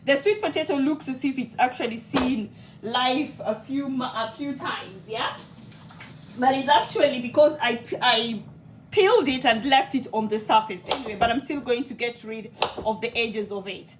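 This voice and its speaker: Cooking-stream host: woman, high voice, chatty and affectionate with viewers, faint background hiss. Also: normal speed. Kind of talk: live cooking demo with viewer chat.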